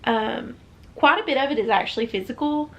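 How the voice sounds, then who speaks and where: A woman's voice: fairly high pitch, fairly quick, creaky, muffled recording. A young woman with a Southern US accent chatting casually as a book vlogger, rambling with many fillers and restarts. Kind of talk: casual chat.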